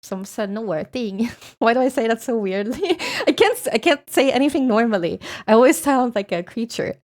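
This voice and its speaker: A woman's voice: on the high side, sing-song, fairly quick. A young woman from Sweden with a Swedish accent, chatting casually with her stream viewers, swearing freely and laughing often.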